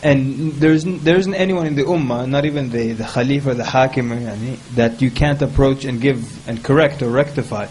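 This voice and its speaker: A man speaking on a panel, giving advice in a lively, humorous way and mimicking people in quick quoted asides. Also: mid-range voice, a little hiss or hum, low-quality recording. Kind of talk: casual panel talk.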